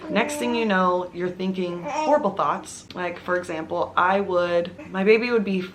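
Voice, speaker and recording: A woman speaking in a somewhat low voice, telling her personal story to camera from home. She sounds earnest and confiding, as if talking with a friend. There is a faint hum of noise behind her. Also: moderate pace. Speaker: mom vlogger telling her own story. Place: at home with her baby nearby.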